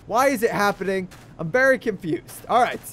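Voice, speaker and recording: A young man doing goofy, excitable game commentary, talking to his teddy bear as he plays. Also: sits high, moderate pace, a little hiss or hum. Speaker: gaming YouTuber.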